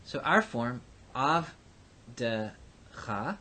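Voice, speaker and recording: A man teaching a recorded lesson, explaining patiently with frequent pauses and fillers. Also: medium pitch, animated, bright, forceful tone, a little hiss or hum. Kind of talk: recorded lecture.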